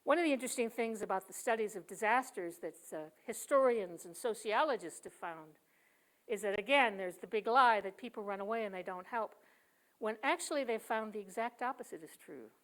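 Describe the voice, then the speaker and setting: A woman poet giving a sermon at a church service. She tells stories emphatically, swinging from loud to hushed and leaning on rhythmic repetition. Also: medium pitch, animated, a little fast. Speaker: guest speaker and poet.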